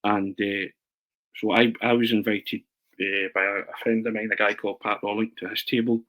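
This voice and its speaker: A man's voice: fairly low pitch, normal speed, rough recording. A man, a journalist being interviewed, telling stories with lots of laughter and restarted phrases. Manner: animated, laughing, repeats and restarts his words. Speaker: journalist and writer, interview guest. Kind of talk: anecdotal storytelling in an interview.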